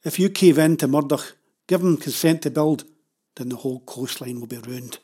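A man's voice: medium pitch, moderate pace, mellow, husky, lightly acted. A man reading a story aloud, voicing a stern male protest leader who speaks in a firm, insistent way.

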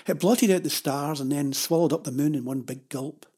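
Husky-voiced storybook narrator. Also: mid-range voice. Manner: steady, measured storytelling. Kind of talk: children's story reading.

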